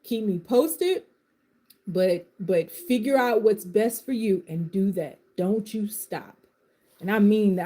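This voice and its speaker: A woman giving a live-stream reading and pep talk, swinging between soft comforting reassurance and fired-up passionate outbursts, in casual Southern vernacular. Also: mid-range voice, unhurried. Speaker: live tarot reader.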